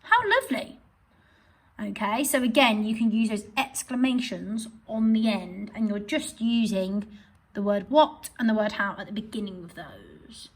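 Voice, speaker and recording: Expressive husky-voiced woman teacher. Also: medium pitch, moderate pace, poor audio. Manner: expressive, reads examples aloud with emphasis. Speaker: primary school teacher. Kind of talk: online grammar lesson for children.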